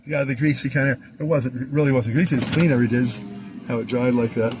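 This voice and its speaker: A man's voice: medium pitch, fairly even intonation, fast talker, over music, rough recording. A man in his sixties from Southern California tells a loose, rambling story about his school days, chuckling often. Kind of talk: casual rambling anecdote. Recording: clear traffic noise behind.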